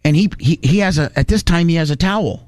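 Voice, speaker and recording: Man, fairly high voice, rambling folksy storyteller, dry close mic. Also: quick pace, a little mellow, dry recording. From Indiana. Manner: rambling, folksy, restarts often. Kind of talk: casual storytelling.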